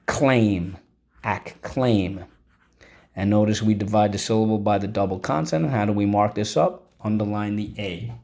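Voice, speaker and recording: A man's voice: lowish voice, normal speed, vocal fry, a little mellow. Man teaching a vocabulary lesson. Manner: drills words aloud, repeating each one.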